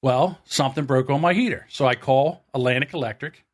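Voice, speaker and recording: A middle-aged man co-hosting a podcast, telling a grumpy story in a casual, animated way and acting out his own rants. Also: medium pitch, brisk. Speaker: podcast co-host.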